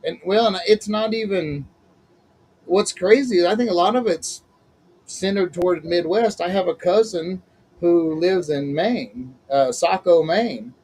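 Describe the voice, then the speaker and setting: A man's voice: high voice, unhurried, a little mellow, slight background noise, low-quality recording. A man hosting a casual chat as a minister, folksy and chatty, laughing often. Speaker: host, minister.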